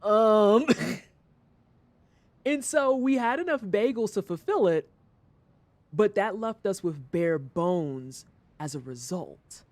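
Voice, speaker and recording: A young adult livestreamer chatting casually to viewers, retelling a work story with animated swings and casual swearing. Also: medium pitch, takes it slowly, long pauses, no echo.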